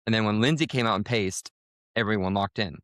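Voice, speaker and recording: Animated man telling a race story. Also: brisk, dry recording, clean studio sound. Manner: animated, jumps pitch for quoted lines. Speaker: podcast co-host. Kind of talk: casual storytelling.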